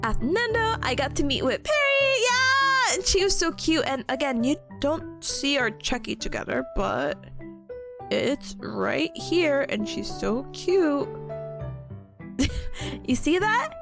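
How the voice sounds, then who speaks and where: A woman's voice: high-pitched, slow pace, gravelly, over music. A woman streamer chatting casually as she recaps her convention trip, giggling often and stumbling over repeated words. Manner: giggly and animated, frequent laughing and stammered restarts. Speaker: VTuber streamer.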